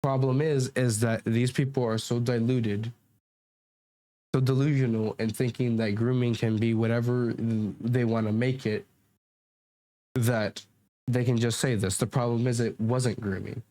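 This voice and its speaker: A man's voice: medium pitch, flat delivery, a little slow, mellow. A man giving rambling, argumentative commentary while reacting to comments, with frequent restarts, into a desk mic at home. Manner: rambling, restarts and fillers, defensive. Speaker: commentary YouTuber.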